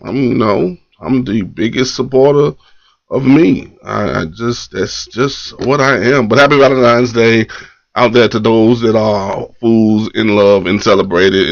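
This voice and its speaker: On a morning poetry live stream, a man with a medium-pitched, creaky voice greets viewers and reads their comments, chatting loosely in slang. He's laid-back and repeats phrases. The audio is dull, lo-fi stream sound with no echo.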